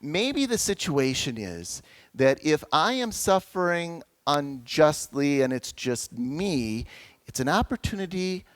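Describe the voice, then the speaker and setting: A man preaching a sermon as pastor, in a conversational, storytelling way with lively asides. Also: on the high side, slow, no echo.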